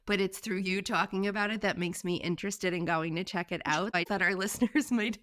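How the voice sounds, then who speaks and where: A woman's voice: medium pitch, fairly even intonation, brisk, fairly bright tone, no echo, clean studio sound. A woman co-hosting a podcast in casual chat, giggling often and telling stories with animation. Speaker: podcast co-host.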